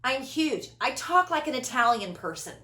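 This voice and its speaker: A middle-aged woman talking loudly and dramatically, with big inflection and frequent laughs. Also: high-pitched, big pitch swings, moderate pace. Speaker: host. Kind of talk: casual conversation. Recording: echoey room.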